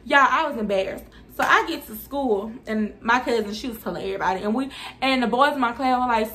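A young woman telling a story time to her viewers in a casual, dramatic, animated way. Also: on the high side, fairly quick.

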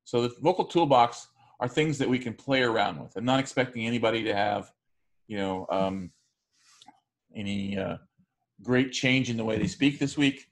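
A man's voice: mid-range voice, moderate pace. A man giving a recorded class lecture, speaking loosely with frequent fillers and restarts. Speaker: teacher.

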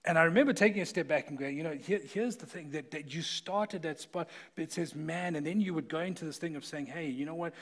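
A man's voice: on the high side, fast, few pauses. A middle-aged man preaching a sermon in a church, talking conversationally and telling stories with laughs. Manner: conversational, animated storytelling with laughs. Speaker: guest preacher. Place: church sanctuary.

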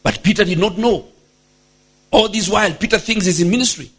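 A bishop preaching a sermon, emphatic and exclamatory, punctuating points with praise shouts. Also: male voice, high voice, fairly quick, breathy edge. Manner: emphatic, exclamatory, frequent hallelujahs.

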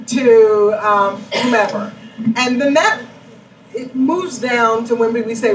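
A woman, a chief executive, answering questions in a live panel interview with animated storytelling. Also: fairly high pitch, unhurried. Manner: animated storytelling, acts out quoted voices. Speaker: CEO interviewed on stage. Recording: echoey room, distant mic, noisy.

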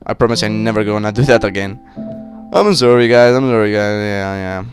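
A man casually commentating his game, excitable and swearing, yelling at monsters, slightly sick with a cracking voice. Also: on the low side, fairly quick, over music. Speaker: gaming channel host. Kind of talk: casual Minecraft let's-play commentary.

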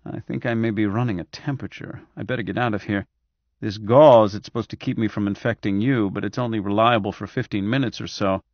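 A man doing a brisk, harried, ailing doctor. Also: lowish voice, steady tone, no echo, lo-fi sound.

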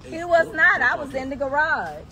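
A woman bystander with a high, bright voice chats skeptically on a street. Her voice rises and falls a lot, and she sounds crisp and sharp. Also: very animated, moderate pace, some chatter behind. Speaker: bystander neighbor. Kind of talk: casual outdoor chat. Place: outdoors on a residential street.

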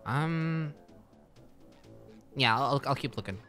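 A woman's voice: rumbling low, slow, fairly bright tone, soft background music. A woman casually narrating a role-play, giggly and easygoing. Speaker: co-player.

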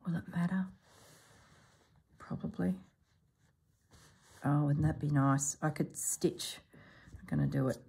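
A woman hosting a sewing vlog who thinks aloud as she works, musing to herself in a soft, half-whispered voice. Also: low voice, steady tone, unhurried, gravelly, long pauses, slightly rough. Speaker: sewing channel host.

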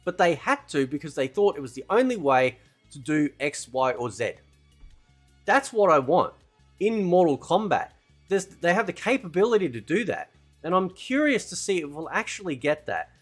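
Animated man ranting about games. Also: on the high side, breathy edge. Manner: animated, rambling, peppered with "right?" and "man". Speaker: gaming channel host. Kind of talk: casual opinion commentary.

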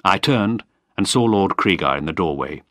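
Low-voiced man reading a story. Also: lively intonation, normal speed, fairly bright tone, dry recording, clean studio sound. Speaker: narrator. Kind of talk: scripted story narration.

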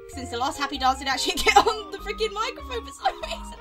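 Excitable high-voiced woman gamer. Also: a little fast, over loud music. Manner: excitable, rambling, exclaims and repeats herself. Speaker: let's play gamer. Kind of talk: casual game commentary.

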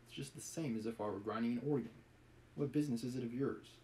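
A man's voice: mid-range voice, fast talker, mellow, slight background noise, close to an everyday voice, low-quality recording. A man reading a novel aloud, voicing a frantic, proud, impoverished widow in a lofty, pleading manner.

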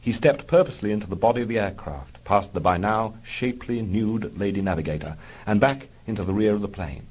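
A man tells an absurd pilot yarn in dry, mock-heroic tones. His voice sits low and a little husky, yet it rises and falls with lively pitch. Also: rough recording. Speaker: narrator. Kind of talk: deadpan comic storytelling.

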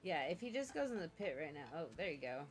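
A woman's voice: fairly low pitch, very animated, fast talker. A woman co-streaming, giggling and coaching the player through a fight. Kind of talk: casual gameplay chat.

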